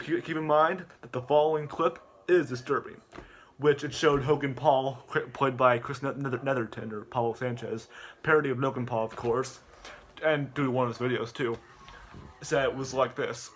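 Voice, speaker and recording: A man's voice: medium pitch, steady tone, moderate pace, a bit bright. A man, a YouTube reviewer, retells a movie in a rambling rant, stammering and repeating words.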